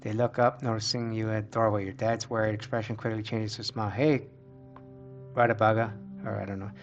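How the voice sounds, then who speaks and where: Male streamer, low-ish voice, casual read-aloud of game text with muttered asides; lo-fi audio, faint music bed. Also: flat delivery, fast talker. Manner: reads story text with light voiced quotes between muttered reactions. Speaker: gameplay streamer.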